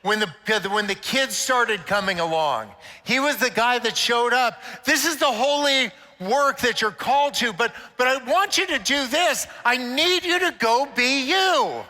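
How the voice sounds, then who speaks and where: A man's voice: extremely high pitch, expressive, unhurried, hardly any pauses, bright, forceful tone. An older man giving an inspirational talk to a conference of church leaders, a playful, joking storyteller. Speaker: conference speaker. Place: conference stage in a large hall. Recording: long reverb of a large hall.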